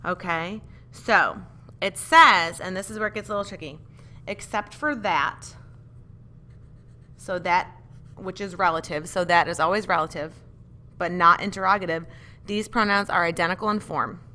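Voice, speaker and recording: A woman's voice: fairly low pitch, normal speed, pushed and bright, a little hiss or hum. A woman teaching a grammar lesson, patiently explaining step by step and asking the class questions. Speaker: English teacher.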